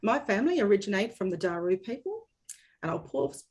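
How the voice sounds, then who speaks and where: A woman's voice: fairly high pitch, expressive, brisk, darkish tone. A woman hosting an online training session, talking in an upbeat, chatty and welcoming way. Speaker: webinar host for a dairy company.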